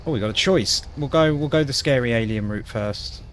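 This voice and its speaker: A man's voice: mid-range voice, a little fast, a little hiss or hum. A man from Wales chatting as a gaming streamer, reacting with disgust and cracking self-deprecating jokes. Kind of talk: casual gaming commentary.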